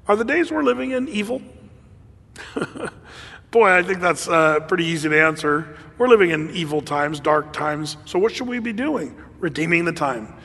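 A man preaching a sermon in a conversational, animated way, with laughs and fillers. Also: high voice, long reverb tail. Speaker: pastor.

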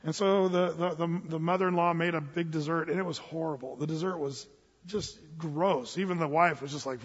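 A man's voice: a little high, fairly even intonation, moderate pace, a bit bright, slightly rough. A man preaching a conversational sermon, folksy and humorous, with frequent stumbles and restarts. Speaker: pastor. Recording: dull, reverberant hall sound.

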